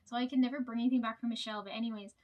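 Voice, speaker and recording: A woman in her late twenties chats her way through a long storytime, wandering off track and cursing freely. Her voice sits a touch high, and she talks in the loose, unscripted way of a vlogger catching up with viewers. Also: fairly even intonation, racing, darkish tone, highs cut off. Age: late 20s. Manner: rambling, sidetracked, swears freely. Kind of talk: casual storytime chat.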